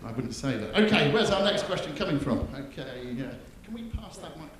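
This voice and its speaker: A moderator running audience questions at a live event, brisk and joking. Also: mid-range voice, sing-song. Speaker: panel moderator. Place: large event hall. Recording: very echoey hall with crowd.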